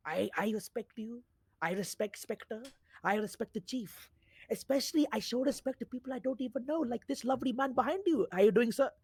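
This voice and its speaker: A man's voice: extremely high pitch, a little fast, a little mellow, slightly rough, no echo, full character voice. A man playing an aggrieved, theatrical man who files a complaint and slips in and out of a put-on accent. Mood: indignant. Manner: keeps saying "brother" and "right?", theatrical pleading. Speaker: role-play character. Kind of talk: game role-play.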